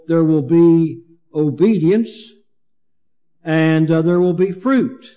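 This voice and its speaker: Male preacher, unhurried verse-by-verse teaching, warm and relaxed tone, slightly raised pitch. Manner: slow, halting, many fillers and restarts. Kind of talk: sermon, Bible exposition.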